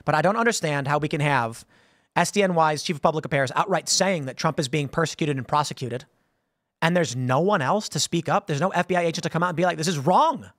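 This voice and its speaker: A man's voice: a little high, fast, a bit bright, dry recording, clean studio sound. A man hosting a commentary show, talking off the cuff in a casual monologue and often restarting and repeating words as he goes.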